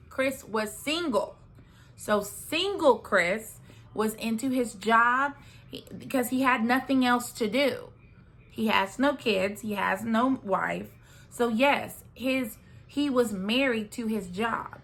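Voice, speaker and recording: A woman's voice: a little high, lively intonation, slow, a bit bright. A young woman chatting casually through a reality TV recap, sassy and talkative, often checking in with "okay?" and "right?".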